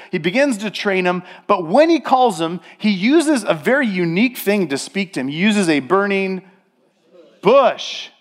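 Emphatic high-voiced male preacher. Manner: emphatic preaching, slows and stresses repeated words; addresses the congregation directly. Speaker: pastor. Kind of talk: sermon.

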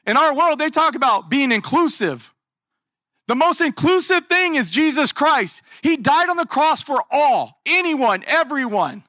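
Male pastor, very high voice, bright, dry close sound, animated conversational sermon. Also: unhurried, dry recording. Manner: animated, conversational preaching with rhetorical questions.

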